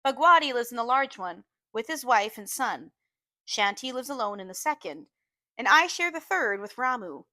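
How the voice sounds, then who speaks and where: A woman reading a novel aloud in a measured storytelling manner, slowing down to stress key phrases. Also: fairly high pitch, expressive, sharp tone, no echo. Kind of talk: audiobook-style reading.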